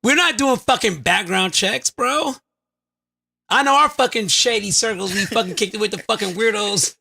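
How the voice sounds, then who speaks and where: Podcast co-host, male: high, gravelly, bright, big swinging delivery, loud jokey banter. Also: moderate pace. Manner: loud, joking, swings between high yells and low mumbles.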